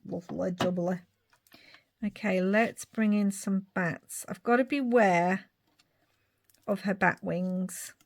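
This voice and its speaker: A woman's voice: medium pitch, steady tone, slow, creaky, long pauses. A middle-aged woman chatting and thinking aloud as she works on a craft project. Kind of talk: crafting vlog commentary.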